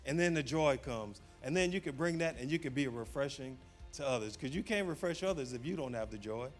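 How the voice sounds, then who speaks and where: Laughing storytelling pastor, a man. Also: fairly high pitch. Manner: laughs often while telling stories; conversational, repeats phrases for emphasis. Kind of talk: casual humorous sermon.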